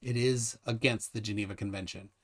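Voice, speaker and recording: A man hosting a casual live stream, joking and rambling with lively, laughing delivery. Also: fairly low pitch, fairly quick. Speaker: livestream host. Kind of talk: casual livestream chat.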